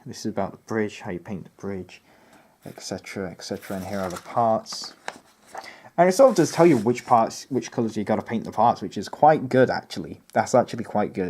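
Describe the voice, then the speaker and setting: A man's voice: on the low side, a little mellow, slight background noise. A young man giving a casual unboxing review of a model kit, rambling, hesitant and often correcting himself. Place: home near a road.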